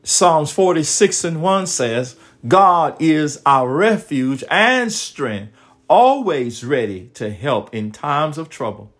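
Slow, exclaiming male preacher. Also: a little high, very animated. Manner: reads scripture slowly and exclaims between verses; calls out to listeners. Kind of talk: sermon.

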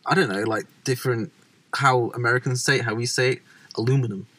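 A young man, chatting casually as a vlog co-host, animated and swearing freely. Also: mid-range voice, fast talker, no room sound. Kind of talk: casual chat.

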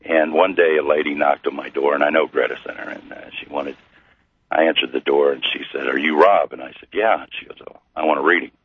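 A middle-aged man from Missouri, a guest telling his story slowly with many pauses and fillers. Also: very deep voice, steady tone, breathy edge, no room sound. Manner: slow, halting with many fillers. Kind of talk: storytelling interview. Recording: tinny phone-like radio line.

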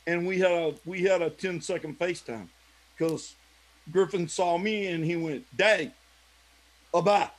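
A man's voice: high-pitched, moderate pace, a little mellow. A man co-hosting a podcast, a musician telling stories and laughing often. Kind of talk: casual chat.

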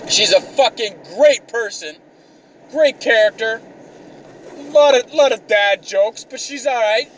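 A man's voice: very high voice, measured pace. A young man ranting exasperatedly in a profane, comedic vlog, swearing constantly. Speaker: vlogger. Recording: mic a bit distant, faint car noise.

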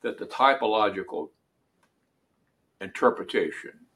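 A man preaching a sermon, reading scripture aloud in a deliberate way and lifting his voice for emphasis. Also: on the low side, expressive, a bit bright.

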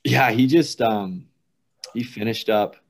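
A man's voice: medium pitch, slow pace, creaky. A man chatting casually on a podcast, telling anecdotes and laughing as he goes. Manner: laughs through vivid anecdotes. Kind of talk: casual chat, storytelling.

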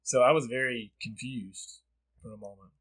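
A man's voice: medium pitch, fairly even intonation, moderate pace, fairly bright tone, breathy edge, poor audio. A man hosting a podcast in a laid-back way, swearing often and calling his guest "bro" and "dude". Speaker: podcast host. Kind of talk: casual chat.

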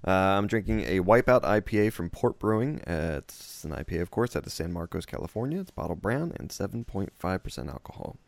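A man's voice: deep voice, sing-song, a little fast, gravelly, few pauses, dry recording. A man hosting a casual podcast chat, teasing his co-hosts while running the segments. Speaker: podcast host.

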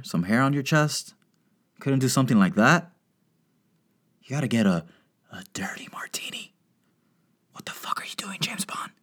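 A man doing a crude, rambling stand-up comedy monologue, riffing and slipping into put-on voices. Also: medium pitch. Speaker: stand-up comic. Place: Miami.

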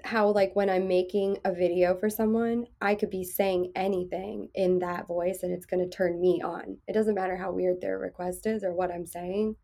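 A woman in her thirties hosting a podcast, with a soft, soothing voice, chatting frankly and laughing often. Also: fairly low pitch, little pitch movement, moderate pace, creaky, hardly any pauses. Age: 30s. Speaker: podcast host. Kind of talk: casual podcast chat.

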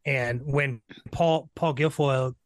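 Guy on a film podcast, halting, lots of ums, dry close sound. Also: mid-range voice, steady tone, no echo. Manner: halting, many fillers and restarts. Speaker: podcast guest. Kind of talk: casual film discussion.

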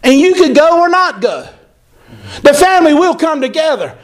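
High-voiced animated preacher. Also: male voice, normal speed. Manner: animated, emphatic preaching with repetition. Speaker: pastor. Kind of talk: sermon.

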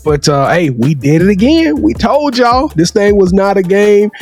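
A man hosting a sports talk podcast, closing the show with energetic, emphatic hype. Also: sits high, moderate pace, faint music behind. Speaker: podcast host. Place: Dallas.

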